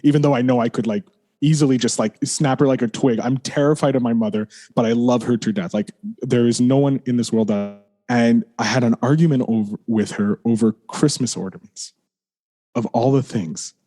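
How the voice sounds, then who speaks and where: A man of medium pitch and dark tone, speaking a little fast, guests on a podcast and tells a candid story about himself. It comes out rambling, full of "like" and restarts, with apologies for his swearing.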